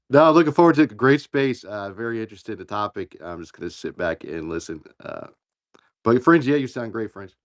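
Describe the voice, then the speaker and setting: Laid-back man with a lowish voice. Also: animated, normal speed, long pauses. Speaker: regular co-host. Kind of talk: casual banter.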